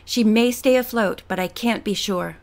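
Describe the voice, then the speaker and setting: A woman reading the part of a male boat captain who shouts urgent orders over a storm, in an audiobook. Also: mid-range voice, moderate pace, natural voice. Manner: urgent, raised voice.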